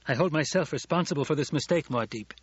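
A man's voice: fairly high pitch, fast talker, husky, no echo, pitched above the performer's own voice. A man voicing a dutiful, contrite male warrior lieutenant in a storybook reading, reporting earnestly. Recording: dull lo-fi audiobook recording.

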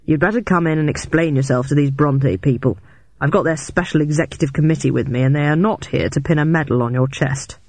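A man voicing a stern male boss who scolds slowly and bluntly, recorded dry. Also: fairly high pitch, a little mellow, no echo. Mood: exasperated. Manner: scolding, slow and heavy.

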